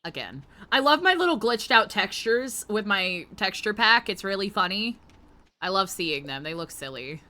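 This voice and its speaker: A woman streaming a game with friends, chatting casually and playfully. Her voice is bright and forceful, and her pitch leaps around animatedly. She swears freely and teases as she plays, close to a home streaming mic. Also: sing-song, moderate pace. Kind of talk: casual gaming chat.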